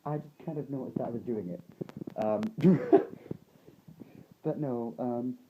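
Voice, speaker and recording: A man's voice: mid-range voice, slow, highs cut off, background noise. A young man with a put-on American accent, talking casually in a rambling, sweary way full of ums and likes. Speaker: vlogger.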